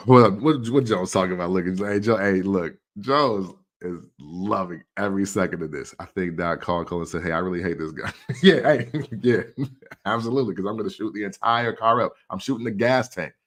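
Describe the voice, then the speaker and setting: A man in his forties hosting a casual commentary show, laughing often and acting out quick quotes. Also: deep voice, a bit bright. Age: 40s. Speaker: podcast host.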